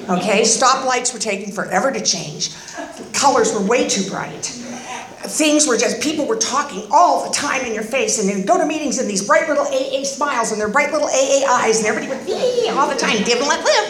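Brief: fifties woman, recovery speaker, wry and lively, fairly high voice, roomy reverb. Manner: animated, sarcastic, acts out voices. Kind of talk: personal testimony with humor. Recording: roomy echoing meeting hall.

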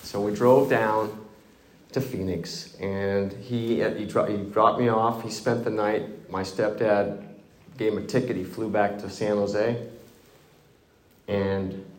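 A man's voice: on the low side, darkish tone, roomy sound. A middle-aged man telling a candid, self-mocking story of his own recovery, with wry humor. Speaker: recovery speaker.

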